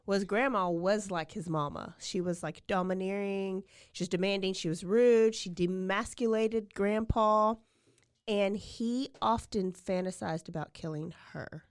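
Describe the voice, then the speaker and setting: Woman host, mid-pitched, telling crime stories in a loose, chatty way; dry, close recording. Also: unhurried, clear, resonant tone, dry recording. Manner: chatty, fills with "like" often. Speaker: podcast host. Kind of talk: casual true-crime storytelling.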